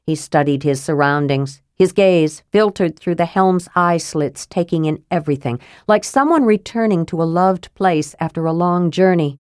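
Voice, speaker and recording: A woman narrating a fantasy audiobook in a measured, steady reading. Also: fairly low pitch, smooth, dry recording, studio quality.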